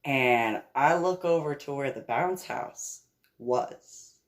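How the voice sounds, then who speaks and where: A woman's voice: rumbling low, slow. A middle-aged woman telling a personal story in a casual way, acting out the other people's voices and laughing often. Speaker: storyteller recounting a personal event.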